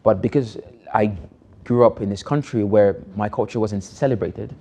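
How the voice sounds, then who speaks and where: A man's voice: on the low side, moderate pace, warm tone. A young adult man from Nigeria, a film director, answering interview questions in an earnest, reflective way. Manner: earnest, reflective, building emphasis.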